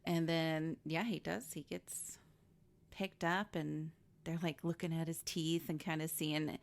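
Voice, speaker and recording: A woman's voice: low voice, fairly even intonation, a little slow, vocal fry. A woman co-hosting a film podcast, recapping the plot in blunt casual chat, swearing freely and laughing often. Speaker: podcast co-host. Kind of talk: casual movie review chat.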